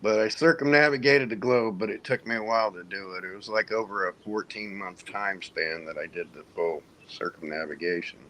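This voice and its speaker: A man's voice: fairly low pitch, fairly quick, hardly any pauses, fairly bright tone, a little hiss or hum. Laid-back, profane male veteran storyteller. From United States (Indiana). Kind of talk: casual storytelling in a group hangout.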